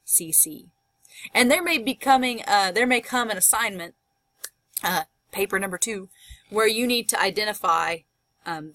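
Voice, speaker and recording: A young woman teaching a college English lecture on poetry, enthusiastic and animated, often laughing. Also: mid-range voice, no room sound. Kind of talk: recorded lecture.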